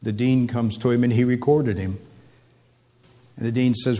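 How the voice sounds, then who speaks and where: Male preacher, mid-pitched, emphatic delivery that repeats key phrases. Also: fairly even intonation, moderate pace, long pauses, warm tone. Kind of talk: sermon.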